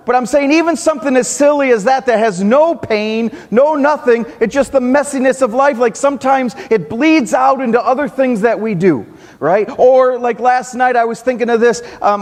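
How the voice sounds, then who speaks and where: A man in his thirties preaches in a casual, storytelling way, often restarting his sentences. His voice sits fairly high for a man. The sound carries the long reverb of a church sanctuary. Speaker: pastor. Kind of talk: sermon.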